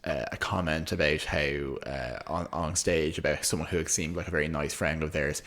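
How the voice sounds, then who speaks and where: A man's voice: very deep voice, fairly even intonation, moderate pace, fairly bright tone. A man co-hosting a podcast, telling a long anecdote in casual chat with lots of restarts. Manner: rambling, with frequent restarts. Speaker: podcast co-host.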